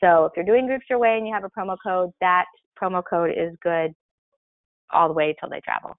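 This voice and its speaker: A woman presenting in a webinar who answers questions in a clear, helpful, explanatory way. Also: lowish voice, steady tone, fairly quick, dry recording. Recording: tinny phone-line sound, dry.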